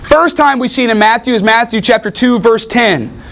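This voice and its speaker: A man preaching a sermon, dramatic, swinging from loud bursts to hushed lines and acting out quotes in voices. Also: very high-pitched, normal speed, gravelly. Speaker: pastor.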